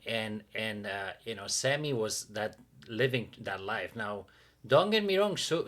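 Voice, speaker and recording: A man co-hosting a podcast, telling a dating story in a casual, animated way and acting out what others said. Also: medium pitch. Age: adult with a teen-era dating life, father. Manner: animated, acts out quotes of others. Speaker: podcast co-host.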